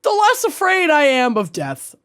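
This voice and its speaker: A woman's voice: high voice, huge pitch swings, normal speed, fairly bright tone, no echo, studio quality. A woman in her thirties with a Minnesotan accent, co-hosting a podcast; she talks bluntly and expressively while sick with pneumonia. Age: 30s. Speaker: podcast co-host. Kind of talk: casual chat.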